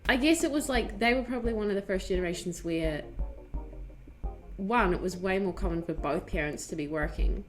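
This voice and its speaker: A woman streamer chatting casually, telling stories in an animated, giggly way with lots of fillers. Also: medium pitch, fairly quick. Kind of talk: casual chat. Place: home streaming setup. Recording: faint music behind.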